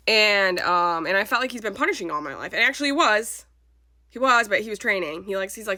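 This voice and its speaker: A woman's voice: medium pitch, lively intonation, a little fast, sharp tone, no room sound, studio quality. A woman in her thirties talking casually about her spiritual channeling, rambling with many filler words and swearing freely.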